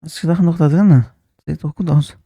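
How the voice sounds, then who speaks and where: Gravelly, dark-voiced male streamer. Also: fairly high pitch, steady tone, fast, no room sound. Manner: chatty asides while watching. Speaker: streamer reacting to a video. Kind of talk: casual live reaction commentary.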